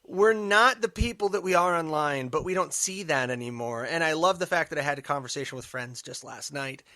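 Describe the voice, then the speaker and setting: Emphatic, bright-voiced man ranting. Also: a little high, fairly quick, dry recording, studio quality. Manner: emphatic, sarcastic, swings from muttering to loud. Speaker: podcast host. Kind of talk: political commentary monologue.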